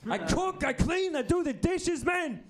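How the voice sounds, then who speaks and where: A man doing a snarling, high gangster mom. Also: expressive, unhurried. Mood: snarling bravado. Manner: loud, brash gangster bravado. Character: his mother as a snarling gangster movie tough guy.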